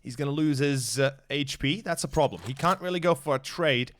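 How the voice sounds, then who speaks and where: A young Slovenian man with a Slovenian accent, casting a match solo in English as a non-native speaker, building up loudly during action and chatting with viewers between plays. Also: fairly quick, a little hiss or hum. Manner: rises sharply in pitch and volume during action, chats with viewers between plays. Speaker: esports caster. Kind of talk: solo play-by-play commentary.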